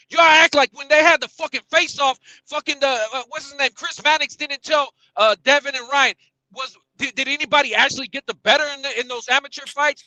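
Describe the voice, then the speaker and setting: A man hosting a boxing podcast, ranting loudly and profanely in a heated debate, shouting at his co-hosts. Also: extremely high pitch, quick pace, dry recording, low-quality recording. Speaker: podcast host. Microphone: streaming podcast mic.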